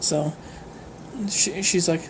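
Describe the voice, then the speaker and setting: A woman's voice: sits low, steady tone, takes it slowly, a little hiss or hum. A woman telling a rambling comic story, laughing often and using many fillers. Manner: giggly, rambling, with frequent fillers. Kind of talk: casual comedic storytelling.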